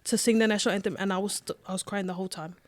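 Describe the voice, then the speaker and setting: A young woman, a rugby player telling her story as a podcast guest, lively and laughing, with lots of "like" fillers. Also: mid-range voice, racing, dry recording. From Australia. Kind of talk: casual interview storytelling.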